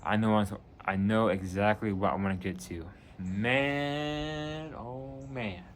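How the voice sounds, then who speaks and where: A man casually reviewing a TV season on his channel, retelling scenes with lively energy and acting out lines. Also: on the low side, takes it slowly, a little hiss or hum. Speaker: video reviewer.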